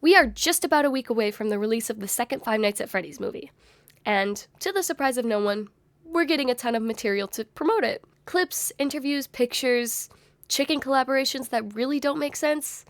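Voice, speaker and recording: A woman's voice: on the high side, brisk, no echo. A young woman with a strained, worn voice talking through fan theories in a thoughtful, speculative video essay. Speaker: YouTuber.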